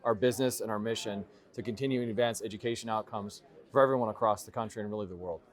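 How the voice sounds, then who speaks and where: A middle-aged man being interviewed at a conference, speaking in a thoughtful, halting way with many restarts. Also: fairly low pitch. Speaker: award-winning guest. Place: conference venue.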